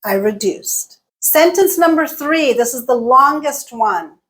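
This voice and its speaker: A woman teaching English pronunciation, modeling example sentences slowly and exaggerating the stressed words. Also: high voice, animated, a bit bright. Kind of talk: slow, deliberate teaching.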